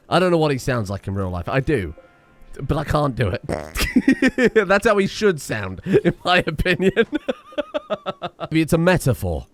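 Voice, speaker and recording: A man streaming a game and chatting casually in a rambling, self-mocking way, often swearing. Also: mid-range voice. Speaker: gaming streamer.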